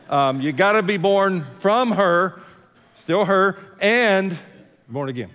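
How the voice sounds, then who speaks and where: An older male pastor preaching in a voice a little higher than most men's. He talks conversationally, drops in jokes and repeats words as he starts a thought. His voice rings with a long echo through a church hall. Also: animated, a little slow, a bit bright. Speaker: senior pastor. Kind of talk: sermon. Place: church sanctuary.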